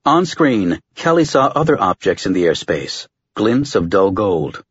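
A man giving measured, dramatic scripted narration of an audiobook on a close studio mic. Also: fairly low pitch, very animated, slightly rough, no room sound, muffled recording.

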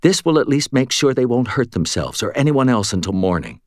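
A man voicing an earnest young female wizard apprentice in an audiobook, raising his pitch for her. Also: expressive, normal speed, no room sound, clean studio sound, natural voice. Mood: uneasy. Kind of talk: audiobook character reading.

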